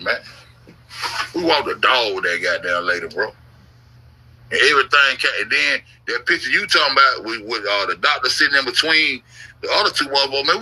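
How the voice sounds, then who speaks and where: Profane, rambling man with a husky voice. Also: mid-range voice, bright, forceful tone, rough recording. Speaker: YouTube commentator. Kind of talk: casual livestream storytelling.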